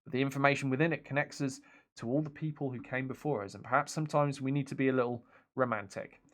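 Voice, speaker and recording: A man voicing a weary older male settlement leader, sentimental and reflective, plain read-aloud game dialogue, mid-pitched voice, no put-on accent. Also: fairly even intonation, fast, fairly bright tone, natural voice. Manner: plain reading, no accent attempted.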